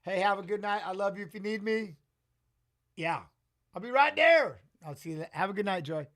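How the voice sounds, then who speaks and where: A high-pitched man speaking at normal speed hosts a live watch-along stream. He chats casually, reacts excitedly, and answers viewers in the chat.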